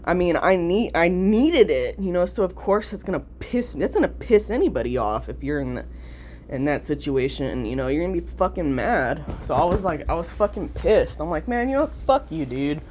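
A woman's voice: lowish voice, animated, moderate pace, background noise. A young woman telling a personal story to camera in a candid, rambling way, full of fillers and swearing. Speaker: vlogger. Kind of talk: casual storytime chat.

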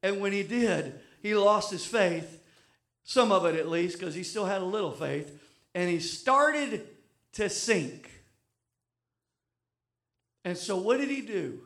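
A man's voice: high voice, expressive, slow, pauses often, a bit bright. A man preaching a sermon, moving from self-deprecating stories to emphatic preaching. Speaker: pastor.

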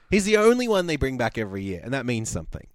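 A man's voice: medium pitch, wildly swooping pitch, fast, dry recording. A man co-hosting a casual podcast recap, reading quotes aloud and laughing often. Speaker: podcast co-host.

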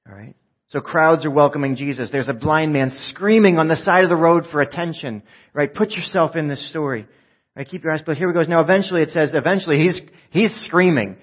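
A man preaching a sermon in a conversational way, swinging from loud shouts down to hushed, quiet speech. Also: fairly high pitch, dull audio. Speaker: pastor.

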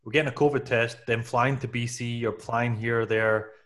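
A man's voice: medium pitch, steady tone, normal speed, a bit bright. Canadian guy cohosting a podcast, rambly, lots of "like" and restarts, plain mid voice. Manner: rambling, filler-heavy, restarts often. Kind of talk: casual chat.

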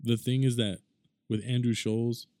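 A man's voice: mid-range voice, little pitch movement, unhurried, warm tone, no echo, studio quality. A young man in his twenties hosting a casual solo podcast, talking in a rambling, conversational way with lots of fillers. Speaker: podcast host.

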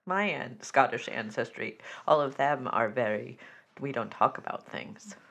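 A woman co-hosting a comedy podcast, talking in a low-key, halting way with dry, agreeing replies. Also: lively intonation, vocal fry, fairly bright tone. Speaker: podcast co-host. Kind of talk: casual comedic chat.

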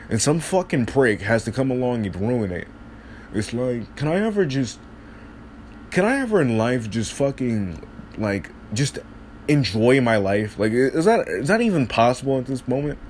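Mid-range in pitch, with a faint hiss or hum behind him, a high school boy complains in a rambling, profanity-filled rant, frequently starting his thoughts over.

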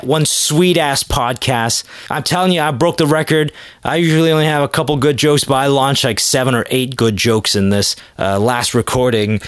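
A man hosts his own podcast solo in a dry, close recording with no room sound. He rambles casually and mocks himself, swearing freely. His pitch sits right in the ordinary male middle. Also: dry recording. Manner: rambling, self-deprecating, profane. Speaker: podcast host.

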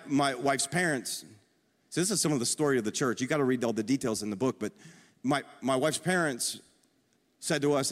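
A male pastor preaching a sermon in a high-pitched voice, earnest and impassioned. He keeps repeating his phrases and climbs to emphatic peaks. His voice rings out with a long reverb, as in a church sanctuary.

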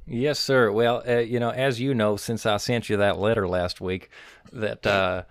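A man with a lowish voice co-hosting a podcast, measured and mock-formal in his replies. The recording is close and dry, with no room sound. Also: fairly even intonation, smooth, dry recording. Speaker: podcast co-host. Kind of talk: casual podcast banter about fantasy football.

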